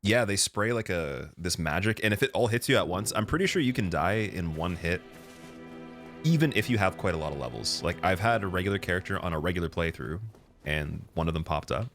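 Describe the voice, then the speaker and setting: A man's voice: deep voice, expressive, a little fast, a bit bright, faint music behind. A young man streaming a game, chatting casually with a rambling, laughing manner. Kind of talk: casual live gameplay commentary.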